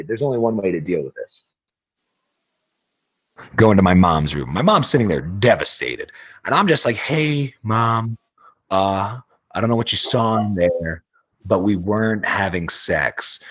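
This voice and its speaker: A young man spins absurd, crude stories with a deadpan edge. His low voice jumps around a lot in pitch, and the close mic sounds dry. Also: no echo. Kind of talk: absurd comic storytelling.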